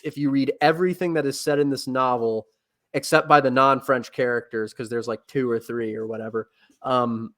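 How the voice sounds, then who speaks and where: A man talks as a podcast guest, lecturing eagerly about history and a favorite novel. His voice sits at an ordinary middle pitch. He keeps backing up and restarting his sentences, padding them with loose filler words as he goes. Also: fairly even intonation, normal speed, a bit bright. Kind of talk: casual chat.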